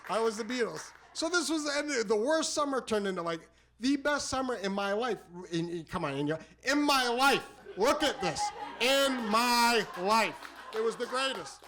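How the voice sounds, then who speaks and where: A man with a notably high voice tells a comic story to a live theater crowd. He rambles, stacks up repeated words and restarts, and punches his lines with animated bursts. He speaks into a stage microphone. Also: fairly quick, few pauses. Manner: animated, exclamatory delivery. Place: small theater stage before a live audience.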